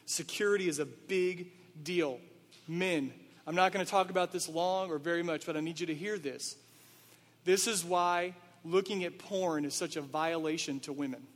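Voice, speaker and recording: A man's voice: a little high, normal speed, in a large hall. A man, a pastor, preaching a sermon in a conversational way, asking his listeners rhetorical questions.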